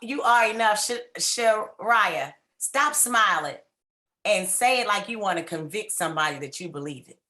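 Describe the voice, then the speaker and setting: A woman's voice: medium pitch, expressive, normal speed, pushed and bright. A woman giving a fervent, preacher-like motivational talk, coaxing listeners on a video call. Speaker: speaker at a women's symposium.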